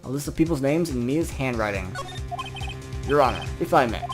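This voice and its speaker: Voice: medium pitch, expressive. A let's player reading a courtroom game's dialogue aloud and voicing every character in turn. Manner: voices every character in turn, with quick asides. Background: game music.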